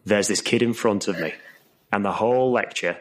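A man's voice: on the low side, normal speed. A man doing a stand-up comedy routine as compere, telling long joke stories. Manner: lively storytelling with put-on voices for characters.

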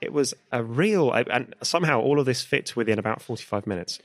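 A man hosting a podcast, narrating and chatting casually from a quiet corner at the back of a conference, self-deprecating and full of fillers. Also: medium pitch, animated, quick pace, no room sound. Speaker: podcast host.

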